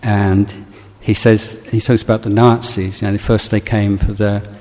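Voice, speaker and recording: A male Buddhist teacher gives a dharma talk in a low, even, unhurried voice, gentle and reflective and often pausing to find his words. His speech carries a long reverb, as if in a large hall.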